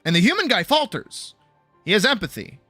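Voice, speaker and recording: A higher, bright-toned man chatting on stream in a dry, close sound with faint music behind. He tells the story in an animated, profane and loose way. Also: a little fast, dry recording. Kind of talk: casual chat.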